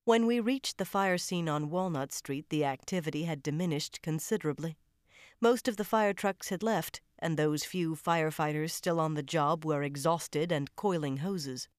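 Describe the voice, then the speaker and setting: A woman's voice: low voice, moderate pace, no echo, clean studio sound. A woman narrating a first-person audiobook thriller in a tense, dramatic storytelling manner.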